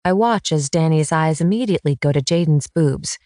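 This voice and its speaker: A woman narrating a first-person romance audiobook in a teasing, lively read. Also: low-pitched, normal speed, no echo, clean studio sound.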